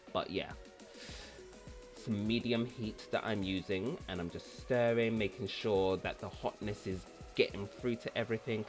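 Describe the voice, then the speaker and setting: A man hosting a casual cooking vlog, chatty and rambling, who repeats words for fun. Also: lowish voice. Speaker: cooking channel host.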